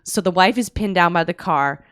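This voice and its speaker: A woman's voice: on the low side, normal speed, smooth, dry recording, studio quality. A woman co-hosting a comedy podcast, telling a story animatedly and laughing often, acting out quotes. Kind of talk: comic storytelling. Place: apartment.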